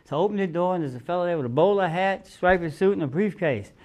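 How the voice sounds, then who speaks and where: Guy telling a story on a studio talk show, kinda high voice, does all the voices and laughs a lot. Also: fast talker, dull audio. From United States. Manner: animated, acts out quotes, laughs often. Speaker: guest musician. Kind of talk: casual storytelling.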